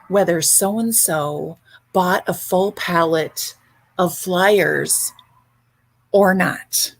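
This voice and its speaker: A woman's voice: lowish voice, gravelly, slightly rough. A woman hosting a livestream, ranting bluntly and sarcastically with frequent swearing. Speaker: livestream host.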